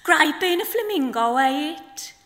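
A woman doing an eager baby flamingo, Black Country accent. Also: measured pace. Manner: high, excitable questioning. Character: chattering baby boy flamingo, eager and nosy. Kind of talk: performed poetry reading. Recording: long hall reverb.

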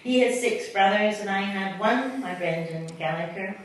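Reading her poetry aloud to a live crowd, a woman poet from Scotland fills the gaps with chatty asides. Her mid-range voice moves at a normal pace, with slight background noise, and the distant mic picks up the echo of the hall.

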